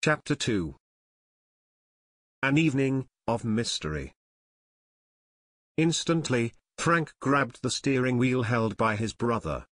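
The narrator, a man with a mid-range voice, delivers an adventure audiobook script in a measured, steady storytelling style. There's no room sound, and the quality is studio-grade.

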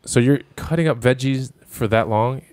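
A man's voice: mid-range voice, darkish tone, no echo. A man in casual podcast chat, firing off incredulous questions and swearing freely. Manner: rapid-fire questions, profane, incredulous.

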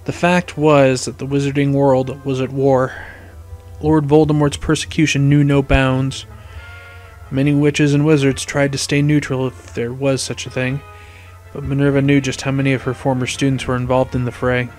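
A man reading a fan fiction story aloud in measured storytelling narration. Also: medium pitch, flat delivery, darkish tone, faint music behind. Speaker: story reader.

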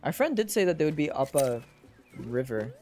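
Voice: mid-range voice, big pitch swings, moderate pace, soft background music. A streamer giving casual let's-play commentary, talking to chat and thinking aloud while playing. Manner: chatty, talks to chat, often trails off quietly.

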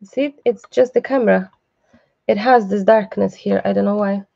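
A woman's voice: medium pitch, fairly even intonation, moderate pace, creaky, dark tone, no echo, muffled recording. A woman hosting a live online craft class, chatty and reassuring, breaking off for asides to the person behind the camera. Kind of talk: live craft tutorial, casual chat.

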